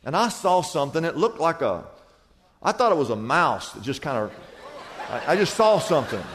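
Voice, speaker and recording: A middle-aged man preaching a sermon as pastor, telling a story in a lively, animated way. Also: on the high side, moderate pace. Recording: long reverb of a large hall.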